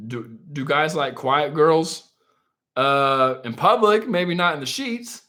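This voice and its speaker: A man's voice: a little high, lively intonation, takes it slowly, pushed and bright. A man hosting a live stream, chatting casually and answering viewer questions in a joking, self-mocking, rambling way, often laughing.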